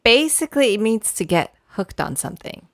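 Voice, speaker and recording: A woman co-hosting a language podcast as the teacher, explaining gently with frequent giggles. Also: mid-range voice, big pitch swings, fairly quick, gravelly, no room sound, clean studio sound. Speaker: Japanese teacher and podcast co-host. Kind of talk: casual language-lesson chat.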